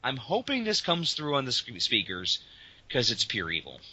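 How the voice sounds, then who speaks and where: A man's voice: mid-range voice, wildly swooping pitch, normal speed, bright, forceful tone, no room sound. A man co-hosting a podcast, telling a story in an exasperated, ranting way during casual comedic chat. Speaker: podcast co-host. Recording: dull lo-fi podcast audio.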